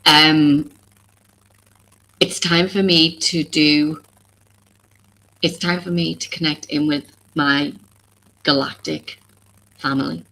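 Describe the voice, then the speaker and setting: A woman with a notably low, deep voice talks to her viewers on a live stream. She rambles earnestly, circles back and restarts her thoughts, and sounds openly vulnerable and emotional. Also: steady tone, slow pace, long pauses, fairly bright tone, low-quality recording. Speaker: oracle card reader and live stream host.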